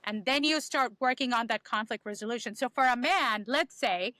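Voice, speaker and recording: A woman's voice: on the high side, normal speed, sharp tone, dry recording. A woman talking as a podcast guest, giving emphatic advice that repeats key phrases and acts out inner dialogue. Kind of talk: animated conversational advice.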